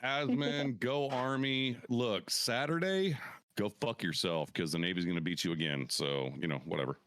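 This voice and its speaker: A man's voice: on the low side, normal speed, a bit bright, smooth, dry recording, studio quality. A man hosting a veterans podcast, talking casually and brashly with lots of profanity and trash talk. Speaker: podcast host.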